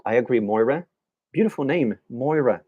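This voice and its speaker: A man teaching an English class live, answering viewers' questions by name and sounding words out slowly. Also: medium pitch, lively intonation, husky, phone-quality sound. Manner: models pronunciation of words slowly. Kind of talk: live-streamed language lesson.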